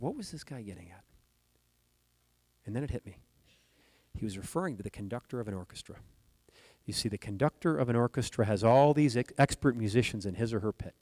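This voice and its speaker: A man's voice: fairly low pitch, darkish tone, dry recording, low-quality recording. A man delivering a motivational keynote speech at a conference, telling stories and speaking directly to the audience. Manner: storytelling, addresses the audience directly. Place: conference hall stage.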